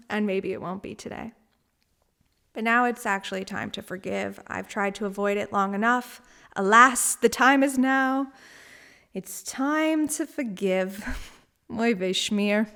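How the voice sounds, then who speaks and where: Woman doing a solo spiritual podcast, chatty and frank, laughs a lot, mid pitch. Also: creaky, fairly bright tone. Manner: candid, rambling, laughs often, swears casually. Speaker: podcast host.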